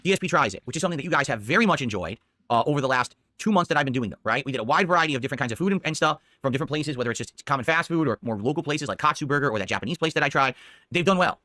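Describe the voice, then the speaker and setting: A man's voice: mid-range voice, lively intonation, rapid-fire, pushed and bright, no echo, studio quality. A man streaming at home into a desk microphone, insistently explaining donation goals and repeating his points.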